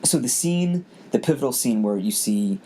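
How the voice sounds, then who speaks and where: Here a podcast host with a medium pitch and lively intonation talks at a moderate pace, his tone mellow. Some hiss or hum is audible. He relates a personal story casually yet earnestly and emotionally, repeating words frequently.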